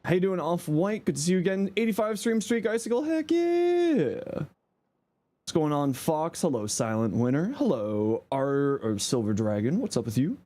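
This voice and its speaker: Man, game streamer, slightly hoarse, sleepy and laid-back, lively up-and-down voice, casual stream chat. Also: fairly high pitch, brisk, hardly any pauses. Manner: playful, greeting viewers one by one.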